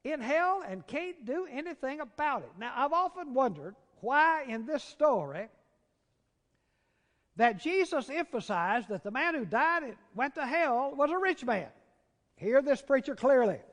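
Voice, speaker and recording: A man with a Southern American accent preaching a sermon, dropping to hushed, drawn-out words and rising to loud, urgent cries. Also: very high voice, very animated. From Southern United States. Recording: long reverb of a large hall.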